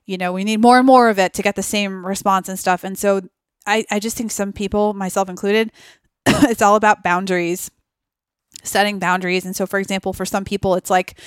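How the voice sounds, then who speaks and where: Smooth-voiced woman chatting on a podcast. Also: mid-range voice, no echo, studio quality. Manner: chatty, thinks aloud with many fillers. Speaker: podcast guest. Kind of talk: casual conversational interview.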